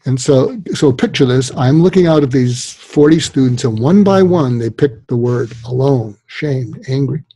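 An older man, a psychiatrist appearing as a podcast interview guest, tells stories at medium pitch and normal speed with few pauses and a breathy edge. He's an animated storyteller who acts out the voices of the people he quotes. There's no echo.

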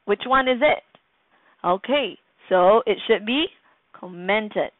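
A woman's voice: medium pitch, expressive, slow pace, no room sound. A woman teacher with a Singaporean English accent, patiently quizzing students in a recorded grammar lesson. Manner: patient, quizzing the class, acting out quoted lines. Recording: tinny phone-like dry sound.

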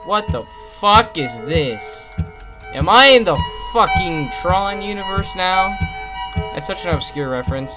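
A man's voice: a little high, lively intonation, unhurried, rough recording. A man commentating while he plays a horror game, muttering, cursing and yelping at sudden scares. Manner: profane, startled reactions and mutterings. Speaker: game streamer. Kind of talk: let's play commentary. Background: loud game music.

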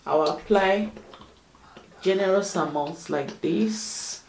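A woman's voice: lowish voice, slow pace, darkish tone, slight background noise, low-quality recording. A mother vlogging at home, chatting casually to her viewers and calling them "you guys" and "my loves.". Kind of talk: casual vlog narration to viewers. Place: at home indoors.

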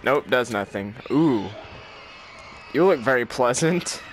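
A man's voice: mid-range voice, expressive, slow, slight background noise. A man hosting a gaming channel, giving let's-play commentary while nervous, jumpy and laughing often.

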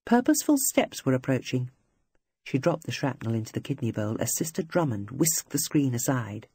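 An audiobook narrator reading scripted literary prose in a measured, even manner. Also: medium pitch, husky, no echo.

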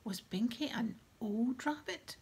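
A woman's voice: a little high, expressive, slow pace, a little mellow, husky, heavily acted. Woman doing earnest bookish teen girl. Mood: anxious.

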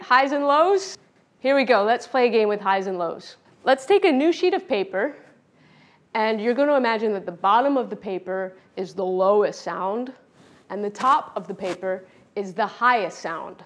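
A woman's voice: mid-range voice, animated, moderate pace. Playful woman teaching children music. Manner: playful, demonstrating with her voice. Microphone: pre-recorded video lesson.

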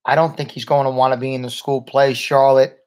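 A man's voice: mid-range voice, flat delivery, a little fast, darkish tone, natural voice. A man voicing a sarcastic young schoolboy who taunts and mocks in a raised, pointed voice. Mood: mocking. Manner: taunting, mocking. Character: snide sarcastic schoolboy, about ten.

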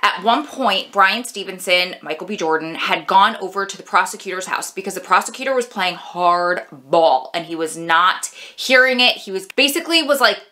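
Woman vlogger, clear bright tone, expressive casual film review. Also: fairly low pitch, brisk, hardly any pauses. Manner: chatty, heartfelt, expressive.

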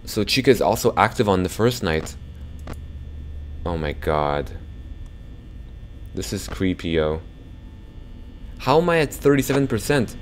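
A young man commentating a horror game for his viewers, jumpy and quick to swear when startled, talking to the audience as he plays. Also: sits low, big pitch swings, a little hiss or hum. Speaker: gaming YouTuber.

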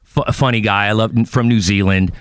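A man hosting a casual interview podcast, talking in an animated, chatty way. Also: fairly low pitch, brisk, clear, resonant tone, dry recording, clean studio sound. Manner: animated, chatty, tells stories with impressions. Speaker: podcast host.

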